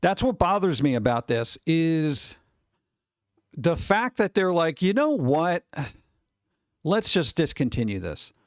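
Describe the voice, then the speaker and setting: A man's voice: a little high, sing-song, slow, pauses often, no room sound. A man hosting a stream, chatting casually in a rambling way, with some swearing and chuckles. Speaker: streamer host. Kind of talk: casual chat.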